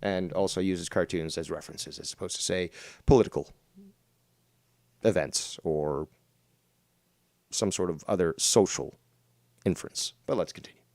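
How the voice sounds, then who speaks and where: A man's voice: sits low, moderate pace, pauses often, darkish tone, no echo, clean studio sound. A man hosting a livestream drama commentary show, talking in a profane, mocking, rambling way. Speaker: host.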